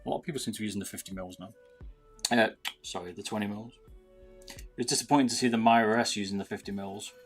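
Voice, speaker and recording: A man's voice: lowish voice, fast talker, faint music behind. A British man chatting casually with viewers on a livestream while soldering, calling people "mate". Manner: chatty, talks to viewers, says "mate" a lot. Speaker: livestreamer modding gaming mice.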